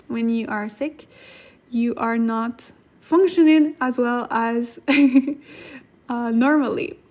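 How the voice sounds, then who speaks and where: A woman who is sick, giving a casual livestream language lesson, thinking aloud, clearing her throat and laughing at herself as she looks things up. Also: on the high side, a little mellow. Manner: slow careful explanations. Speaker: Korean language teacher on a livestream.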